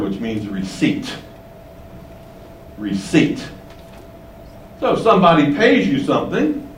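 A man's voice: fairly high pitch, roomy sound, far from the mic, slight background noise, low-quality recording. A man preaching an expository sermon in a conversational way, often asking rhetorical questions and building up emphasis. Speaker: pastor.

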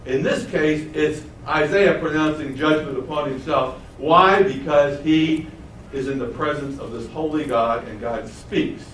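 A man teaches a Bible study lesson, his voice sitting a little high for a man. He keeps asking his listeners questions and then answers them himself. He is recorded from some distance in an echoey room, with faint room noise behind. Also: unhurried, a bit bright. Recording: roomy, mic at a distance.

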